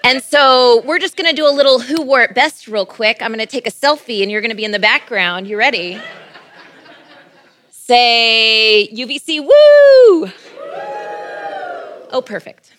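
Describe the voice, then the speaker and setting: A woman's voice: on the high side, fast talker, sharp tone. A woman pastor giving a sermon and prayer in a playful, conversational preaching manner. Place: church.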